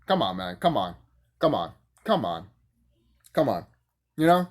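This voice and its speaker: A man's voice: moderate pace, pauses often. A man giving a casual, profane, rambling review, full of fillers and bursts of laughter. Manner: animated, jumps high when excited. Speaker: YouTube reviewer.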